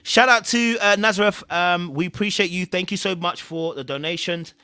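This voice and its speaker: A man's voice: high voice, moderate pace, pushed and bright, clean tone. A man hosting a live-stream recap show, chatting casually, thanking viewers and giving earnest, repetitive advice. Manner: chatty, repeats himself, thanks viewers often. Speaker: show host reviewing a reality series.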